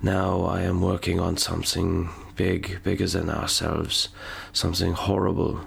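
A man voicing a haunted male physicist who fled to America, speaking slowly and gravely with a put-on German accent. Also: low voice, monotone, a bit bright, a little hiss or hum, heavily acted. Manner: slow, hesitant, grave.

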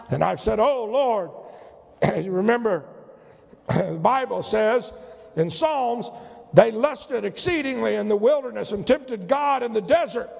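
A male preacher delivering a sermon with a strikingly high, gravelly voice. He is animated, swinging into loud emphatic shouts and mimicking whiny pleas. His words ring out with the long reverb of a large church hall. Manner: acts out whiny prayers in a mocking voice.

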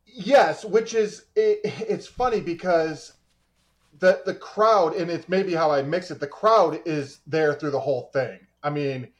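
A man in casual podcast chat, relaxed and a bit hesitant, pausing on fillers. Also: a little high.

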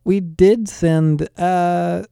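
A man voicing an earnest, oddly literal young man from another world, slow and halting. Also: a little high, lively intonation, mellow, no echo, studio quality. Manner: slow, halting, proud and naive.

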